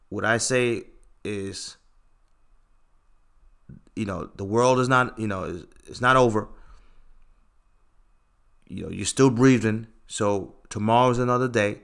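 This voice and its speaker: A man's voice: lowish voice, takes it slowly, gravelly, long pauses, clean tone. Blunt, emphatic livestream host man. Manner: blunt, repeats "okay" and "bro" often; lectures emphatically, gets louder when making a point. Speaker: livestream host answering chat. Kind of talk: casual livestream commentary.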